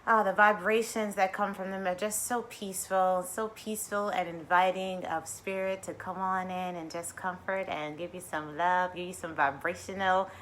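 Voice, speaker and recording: A woman hosting a casual mindfulness livestream, bubbly and excitable, talking straight to her viewers. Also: lowish voice, moderate pace, hardly any pauses, slight background noise.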